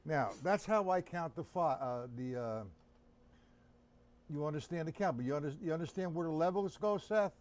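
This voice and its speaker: A man's voice: a little high, moderate pace. A man teaching drums on a live stream, counting beats aloud and talking casually to his viewers. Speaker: drum teacher. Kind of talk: live-streamed drum lesson. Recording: drum kit loud behind voice. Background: drums and metronome.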